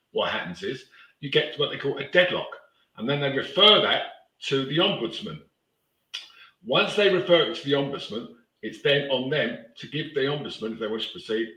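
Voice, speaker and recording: A man's voice: medium pitch, sing-song, moderate pace, bright, forceful tone, roomy sound, poor audio. A man in casual chat, rambling and blunt, swearing freely as he talks. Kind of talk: casual live-stream chat.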